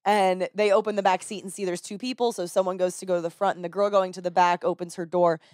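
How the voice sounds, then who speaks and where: A woman's voice: quick pace, dry recording. Chatty woman telling a story, dry sound. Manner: animated, acts out people in her stories with raised pitch; swears casually, fillers like "like". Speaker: podcast talker and rideshare driver. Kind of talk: casual storytelling chat. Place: podcast studio.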